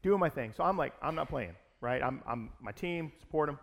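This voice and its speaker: Animated man telling a sermon story. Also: on the high side, brisk, gravelly.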